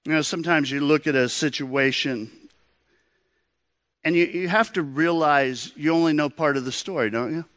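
A man's voice: on the high side, normal speed, a bit bright, no echo. A man preaching a sermon, telling stories in an earnest way and calling the listeners friends. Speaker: pastor.

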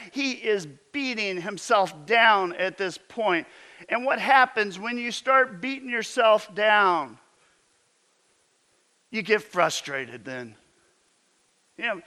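A man's voice: high-pitched, pushed and bright. A man preaching a sermon as a pastor, telling stories and asking emphatic rhetorical questions.

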